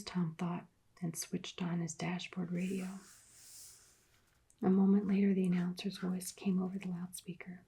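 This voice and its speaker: A woman narrating an adventure book in a soft-spoken ASMR reading, hushed and partly whispered. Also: lowish voice, level tone, measured pace, vocal fry, breathy edge.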